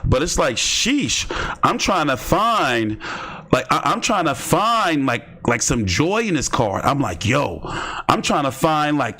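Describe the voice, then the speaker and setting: A man's voice: a little high, sing-song, slow pace, sharp tone. A man hosting casual boxing commentary, rambling and joking with slang and lots of fillers. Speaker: host.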